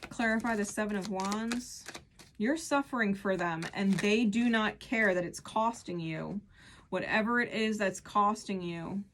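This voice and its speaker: A woman's voice: mid-range voice, fairly bright tone, slight background noise. A woman giving an earnest, emphatic tarot reading who repeats key phrases as she pulls cards. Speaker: tarot reader.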